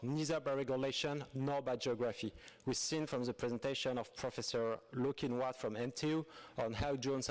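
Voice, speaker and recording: A man with a French accent, reading a prepared speech as a conference presenter, earnest and forthright with some hesitant fillers. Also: mid-range voice.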